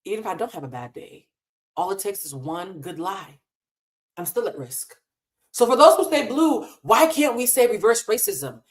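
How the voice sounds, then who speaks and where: A woman hosts a live stream from a hotel room, speaking at a middle pitch. She talks with raw feeling and swears freely. Her tone is casual and unscripted. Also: very animated, moderate pace. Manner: impassioned, emotional, swears freely. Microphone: desk mic in a hotel room.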